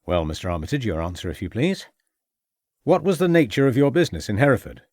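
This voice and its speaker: A man's voice: mid-range voice, big pitch swings, quick pace, a little mellow, no room sound. A man reading an audiobook, voicing a shrewd, stern male police inspector who questions in a dry, mocking way. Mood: probing. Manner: probing, dryly mocking.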